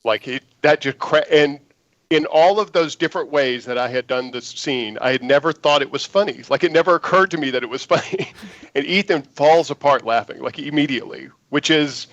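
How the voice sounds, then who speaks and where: A man, an actor guest, telling an animated audition story in an interview and acting out the lines he quotes. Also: on the high side, brisk, dry recording, muffled recording.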